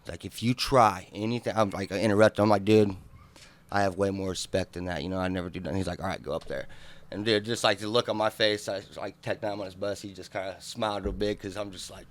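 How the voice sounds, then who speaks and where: A man, co-hosting a podcast and telling a wild story in a loud, profane, animated way. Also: fairly low pitch, quick pace. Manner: animated, profane storytelling, acting out drunk shouts. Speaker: podcast co-host. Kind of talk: casual storytelling chat.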